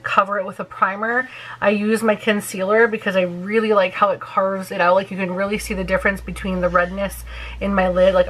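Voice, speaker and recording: A woman's voice: medium pitch, a bit bright, poor audio. A woman in her thirties chatting casually through a makeup tutorial, giggly and full of fillers. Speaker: beauty vlogger.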